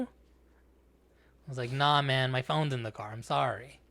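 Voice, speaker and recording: A man's voice: mid-range voice, unhurried, vocal fry. A man co-hosting a podcast, telling a story in casual, profane chat and acting out the other people's lines. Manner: profane, animated storytelling, acts out quotes. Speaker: podcast co-host.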